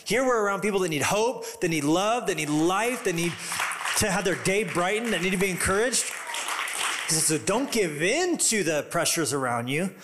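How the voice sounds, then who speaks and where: A man preaching a sermon in a lively, conversational way. His voice sits a little higher than most men's. He breaks into loud, emphatic runs. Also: moderate pace, a crowd in the background, background noise. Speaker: pastor.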